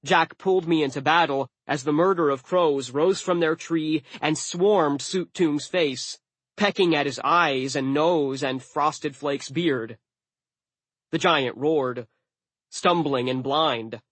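A man narrating an audiobook in a studio, with wry, deadpan asides. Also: on the high side, slow pace, no echo.

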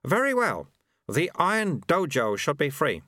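A man's voice: fairly high pitch, huge pitch swings, a little slow, bright, forceful tone, dry recording, clean studio sound, pitched above the performer's own voice, heavily acted. A man voicing a wily old male monastery sweeper who talks in a chirpy, folksy, teasing way.

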